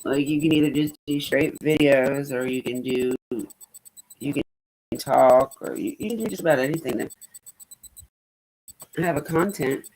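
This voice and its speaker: Woman streamer, low voice, rambling casual chat with easy swearing. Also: normal speed, long pauses, a little mellow, slight background noise, low-quality recording.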